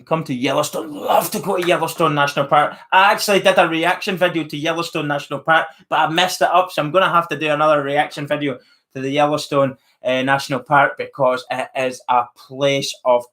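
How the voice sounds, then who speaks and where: A man's voice: fairly high pitch, fairly even intonation, a little fast, a bit bright. Chatty Northern Irish man. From Northern Ireland. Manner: chatty, friendly, reads viewer names aloud. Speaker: live stream host. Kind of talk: casual live chat reading comments.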